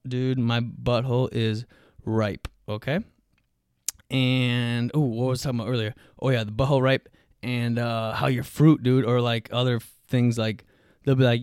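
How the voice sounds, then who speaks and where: Cussing dude rambling on his podcast, smooth clear voice, dead dry mic. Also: mid-range voice, flat delivery, normal speed, no echo. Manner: profane, rambling, says dude and bro constantly; loud shouting rants. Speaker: podcast host. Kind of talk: solo comedic rant.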